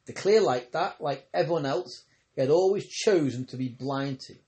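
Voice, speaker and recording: A man's voice: a little high, moderate pace, warm tone. Man reading aloud, stumbling now and then. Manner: reads with occasional stumbles and self-corrections. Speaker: audiobook reader. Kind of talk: scripted narration.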